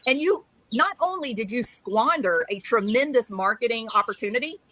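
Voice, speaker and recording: Bright, scolding woman streamer. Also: fairly high pitch, animated, moderate pace, no echo, poor audio. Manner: scolding, sarcastic. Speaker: live streamer. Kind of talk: angry ranting commentary.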